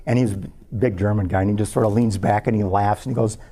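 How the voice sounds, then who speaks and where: Gravelly man telling a lab story. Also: on the low side, fairly even intonation, dark tone. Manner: measured, anecdotal storytelling. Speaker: scientist giving a public talk. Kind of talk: lecture told as a personal story.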